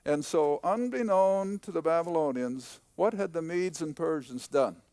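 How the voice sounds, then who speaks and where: A man's voice: fairly high pitch, expressive, a little slow, a little mellow, no echo. An older man teaching the Bible in a folksy, emphatic way, stressing key points by repeating them.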